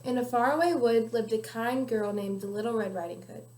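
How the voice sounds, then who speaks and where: A woman's voice: a little high, moderate pace, darkish tone. A young woman reading a children's picture book aloud carefully, with small slips now and then. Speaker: guest reader. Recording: echoey room.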